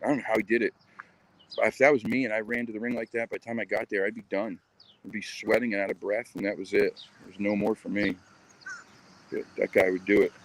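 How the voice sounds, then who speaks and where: A man's voice: lowish voice, flat delivery, brisk. A man casually chatting on a live stream while walking his dog outdoors, rambling with lots of ums and uhs. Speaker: channel host.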